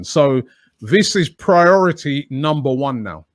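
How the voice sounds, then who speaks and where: A man's voice: mid-range voice, normal speed, a bit bright, no echo, studio quality. A man answering podcast interview questions as a guest, talking in a chatty, emphatic way with frequent "you know". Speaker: guest, fan channel presenter.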